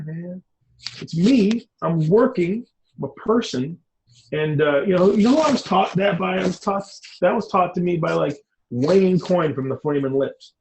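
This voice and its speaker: A middle-aged man, a designer as interview guest, talking in an animated, rambling, emphatic way. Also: on the high side, creaky, slight background noise, poor audio. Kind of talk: casual interview talk.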